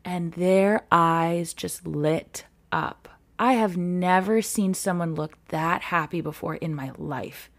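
Earnest, animated woman guest. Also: on the low side, slow. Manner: animated, earnest, laughs often. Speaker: guest, content creator. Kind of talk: storytelling in a podcast interview.

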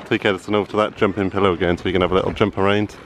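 A man's voice: low voice, level tone, rapid-fire, slight background noise. A man in his thirties, a family vlogger chatting casually while walking an outdoor farm trail, encouraging his small son, into a handheld camera.

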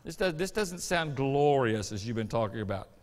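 A man's voice: mid-range voice, very animated, normal speed. Preaching man with a drawl in a hall. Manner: preaching with rising, shouted emphasis and folksy asides. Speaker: pastor. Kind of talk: sermon. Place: church sanctuary.

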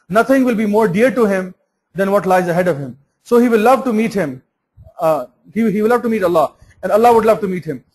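A man's voice: high-pitched, poor audio. A man giving an earnest Islamic sermon, often restarting and repeating words. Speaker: Islamic preacher.

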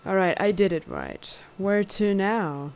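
A woman playing a story game and commenting in a loud, profane, exasperated way, with game music and gunfire behind her. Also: medium pitch, wildly swooping pitch, unhurried, creaky, slight background noise. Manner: loud, swearing, exasperated outbursts. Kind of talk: profane let's-play commentary.

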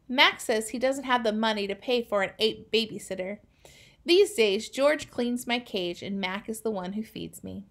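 A woman's voice: on the high side, fairly bright tone. Woman reading a children's novel aloud. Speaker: reader.

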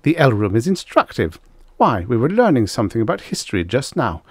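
A man's voice: medium pitch, sing-song, fairly quick, breathy edge, dry recording. A man voicing an indignant, defensive middle-aged housewife who snaps back sharply. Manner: indignant, snappish.

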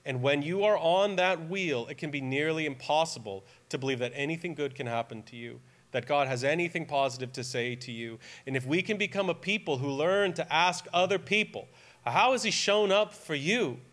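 A man in his forties preaching a sermon as pastor, earnest and emphatic, dropping to a soft, tearful tone during personal stories. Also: fairly high pitch, moderate pace. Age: 40s. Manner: earnest, emphatic, grows quiet and tearful when telling a personal story. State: near tears at times.

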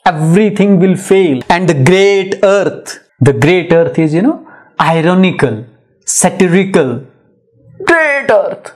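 A man's voice: sits high, big pitch swings, slow pace. A man giving a poetry lecture in an emphatic, repetitive style full of rhetorical questions. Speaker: literature lecturer. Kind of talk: poetry lecture mixing English and Hindi.

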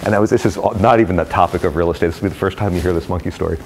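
A middle-aged man talking casually to a live audience of brokers, an energetic, rambling storyteller with many fillers. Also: low voice, rapid-fire, soft background music. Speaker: real estate executive speaking to brokers. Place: company headquarters event space.

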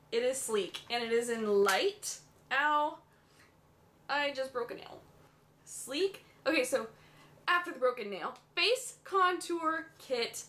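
Gushing high-voiced young woman. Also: slow pace. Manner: gushing, excitable, squealing. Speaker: beauty vlogger. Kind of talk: unboxing a makeup swap.

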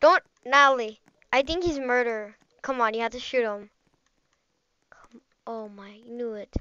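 A woman giving casual, excitable live commentary over her gameplay, rambling and chatty as she plays. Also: a little high, normal speed, clear, resonant tone, dry recording, dull audio. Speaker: gaming channel host.

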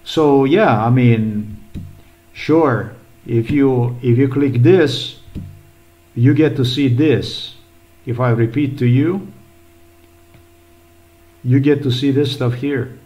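Man, middle-pitched, agitated rambling vlog commentary with frequent swearing. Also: slow, long pauses, warm tone, poor audio. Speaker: vlogger. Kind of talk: rambling screen-recorded commentary.

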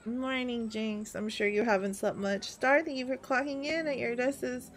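A woman's voice: on the high side, steady tone, moderate pace, slight background noise. Chatty young woman streaming a game. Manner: chatty, laughs often, greets chat. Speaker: VTuber streamer. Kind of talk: casual game-stream chat.

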